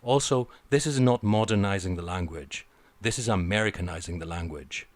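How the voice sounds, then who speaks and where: A man's voice: low voice, moderate pace, no echo. A man giving an opinionated film review, blunt and sarcastic, swearing freely.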